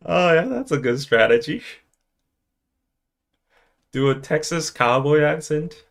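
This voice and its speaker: A man's voice: fairly high pitch, takes it slowly, vocal fry, pauses often. Playful man hosting a live stream. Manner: playful, joking, animated. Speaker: podcast host. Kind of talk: casual live-stream chat.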